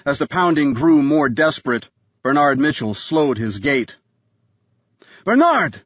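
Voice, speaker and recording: A man reading a thriller audiobook in a scripted narration style, tense and measured. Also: mid-range voice, no echo, dull audio.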